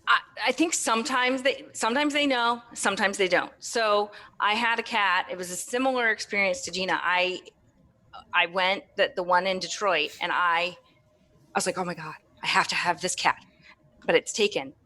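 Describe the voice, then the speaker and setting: Woman podcast guest with a bright, forward tone and relaxed delivery. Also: medium pitch, moderate pace. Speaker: guest, animal communicator. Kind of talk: casual podcast interview.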